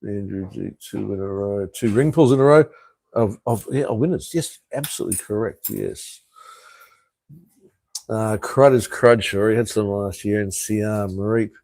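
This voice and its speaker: An Australian man from Tasmania in his fifties hosts a laid-back live stream, going through viewer comments and replying bluntly. His voice sits on the low side, a little mellow and measured in pace, with no echo. He swears freely and chuckles between remarks.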